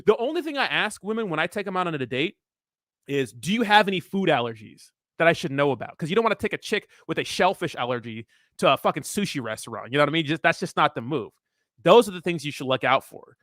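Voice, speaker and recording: A man's voice: a little high, big pitch swings, quick pace, fairly bright tone, no echo, clean studio sound. A young man hosting a casual livestream, answering viewer comments in a blunt, profane, rambling way. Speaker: crypto livestream host.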